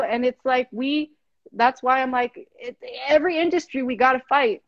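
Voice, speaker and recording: A woman's voice: sits high, moderate pace, no echo, muffled recording. A woman hosting a casual chat, talking in an impassioned, frustrated way with many restarts, over a video call. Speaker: host.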